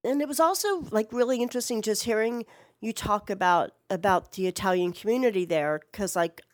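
A woman's voice: mid-range voice, fairly quick, no echo. A middle-aged woman chatting casually from home in a response video, rambling and swearing with lots of "like". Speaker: vlogger. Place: home, Portland.

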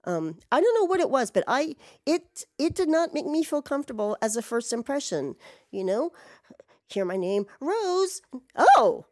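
A woman telling a rambling, excitable story at home in a casual way, swearing freely as she goes. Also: on the high side, normal speed, dry recording, clean studio sound. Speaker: vlogger.

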